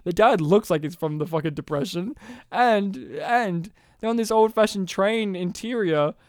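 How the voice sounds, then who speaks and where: A man, retelling a strange film for his co-hosts. His voice is smooth and resonant, recorded dry and close. He talks in an animated way and swears freely. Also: high-pitched, normal speed, no echo. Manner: animated storytelling, swearing, laughing often. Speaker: podcast co-host. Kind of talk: casual movie recap chat.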